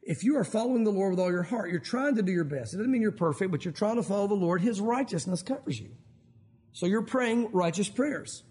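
High-voiced pastor preaching in church. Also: male voice, fairly quick. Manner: animated, acts out quotes from scripture. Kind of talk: sermon.

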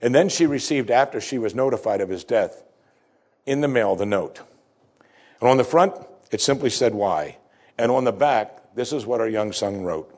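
Low-voiced preacher, emphatic and deliberate. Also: male voice, a little mellow. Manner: emphatic, slows for key phrases; storytelling with dramatic pauses. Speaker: pastor. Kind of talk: sermon.

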